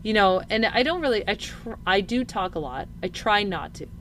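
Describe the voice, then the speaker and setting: A woman's voice: mid-range voice, lively intonation, normal speed, fairly bright tone, a little hiss or hum. A woman in her thirties co-hosting a casual parenting chat, talking earnestly and thinking aloud with lots of fillers. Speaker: podcast co-host.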